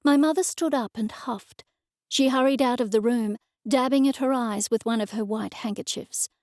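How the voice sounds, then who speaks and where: Bright-voiced female audiobook narrator. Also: fairly high pitch, normal speed, dry recording, studio quality. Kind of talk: first-person scripted narration.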